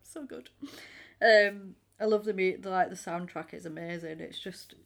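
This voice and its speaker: A woman co-hosting a casual film podcast, chatty and animated, acting out her own reactions as she recaps scenes. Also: on the low side, normal speed, gravelly. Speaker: podcast co-host. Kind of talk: casual film-discussion chat.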